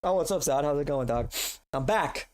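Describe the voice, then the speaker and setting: A man's voice: on the high side, expressive, normal speed, a little mellow. A man streaming live with a stuffed-up nose, talking loosely and cursing freely. He rambles, trips over his words and starts sentences again. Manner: loose, profane, rambling, with restarts. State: congested. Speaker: streamer reacting to videos. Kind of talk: casual live-stream chat.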